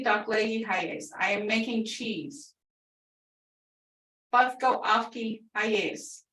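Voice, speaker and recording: A woman teaching a language class over a video call. She explains patiently step by step and says each new word slowly. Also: medium pitch, a bit bright. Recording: echoey room, distant video-call mic.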